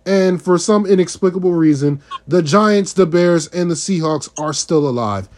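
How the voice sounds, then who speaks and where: Guy with a fairly high voice running down the standings on a podcast, steady, one by one. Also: moderate pace. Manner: methodical, runs through lists step by step. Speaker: podcast co-host. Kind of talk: casual sports chat.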